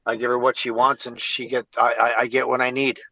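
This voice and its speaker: Guy playing a home seller, chill and rambly, bright voice, kinda muffled dull audio. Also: mid-range voice, a little fast, dry recording. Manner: relaxed, rambling, many fillers. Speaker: role-play home seller. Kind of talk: role-play phone call.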